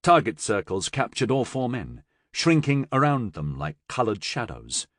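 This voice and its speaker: A man narrating a science fiction audiobook with expressive, dramatic storytelling on a close mic. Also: mid-range voice, unhurried, dry recording. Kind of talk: scripted narration.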